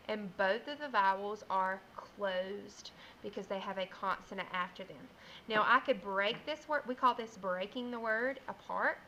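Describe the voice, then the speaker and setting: Bright-voiced woman teaching phonics. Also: mid-range voice, lo-fi sound, slight background noise. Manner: slow, clear teacherly explaining, sounds out words. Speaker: first grade teacher. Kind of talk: classroom phonics lesson.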